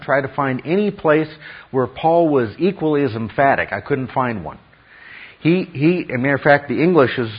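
A man preaching a sermon in an emphatic way, often checking in with his listeners with a quick "okay?" between points. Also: mid-range voice, breathy edge, muffled recording. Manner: emphatic, with acted quotes and frequent "okay?".

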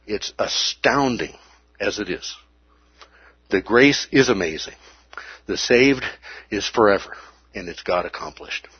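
A man teaching a sermon on a Bible passage, animated, with playful asides and acted-out exclamations. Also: mid-range voice, husky, no echo, muffled recording.

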